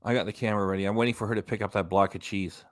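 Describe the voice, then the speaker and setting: A man's voice: on the low side, fairly even intonation, very fast. A man hosting a live reaction stream, giving casual running commentary with dry asides and reading out quotes. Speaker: reaction channel host.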